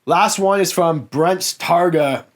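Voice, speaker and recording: Speaking slowly in a high voice, a young YouTube host who sells cars chats through a relaxed Q&A, replying frankly to viewer comments. He has a Canadian accent from Niagara, Ontario.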